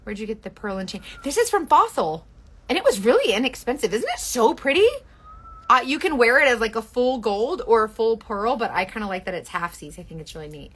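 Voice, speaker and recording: A young woman talks straight to her phone during a live makeup stream, gushing and joking with her viewers. Her voice sits a little high and rings bright and forceful, with a chatty, self-deprecating flow. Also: sing-song, fairly quick, breathy edge.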